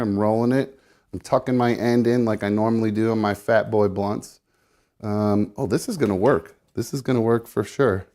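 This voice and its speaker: A man's voice: on the low side, dark tone. A man chatting casually on a live show, narrating what he is doing as he goes, swearing and rambling and slightly out of breath. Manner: rambling, swearing, self-narrating while rolling. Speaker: live show guest rolling a blunt. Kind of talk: casual live-stream chat.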